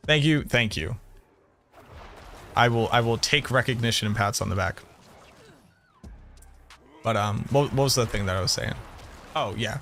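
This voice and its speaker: A man's voice: medium pitch, moderate pace, long pauses, slight background noise. Chatty Boston man streaming games. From Boston area, USA. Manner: animated storyteller, swears casually. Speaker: game streamer. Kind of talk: casual live-stream chat.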